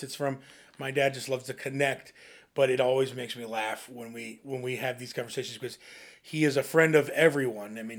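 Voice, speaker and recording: A young man co-hosting a podcast, telling family anecdotes in a casual, animated way and often laughing. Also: medium pitch. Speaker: podcast co-host. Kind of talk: casual chat, storytelling.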